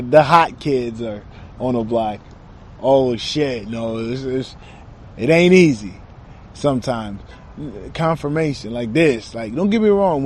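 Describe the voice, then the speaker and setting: A young man talks in a loose, rambling monologue about channeling spirits, heavy on slang, restarting and trailing off. His voice sits a bit high but sounds warm and mellow. Faint outdoor traffic noise hums behind him. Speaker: self-described channeler.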